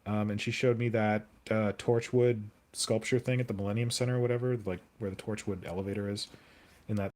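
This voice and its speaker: A man's voice: fairly low pitch, steady tone, brisk, a little mellow. Chatty man streaming his hobby. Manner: rambling, chatty, answers viewer comments aloud. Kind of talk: casual live-stream chat while sculpting.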